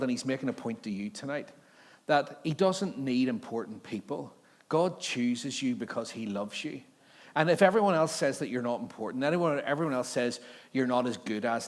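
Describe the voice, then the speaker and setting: Pastor preaching in a reverberant church. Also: male voice, medium pitch. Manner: jokey, conversational asides. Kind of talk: sermon with Bible reading. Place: church service. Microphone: handheld or stage mic with feedback. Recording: long hall reverb.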